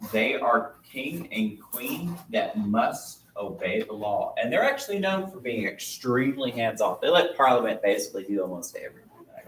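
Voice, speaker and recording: A man lectures his class in a relaxed, chatty way, drawing out his phrases. He sounds set back from the microphone in an echoey room, with a faint hiss underneath. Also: mid-range voice. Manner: casual, chatty, drawn-out phrasing. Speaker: teacher. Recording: roomy, distant mic, faint noise.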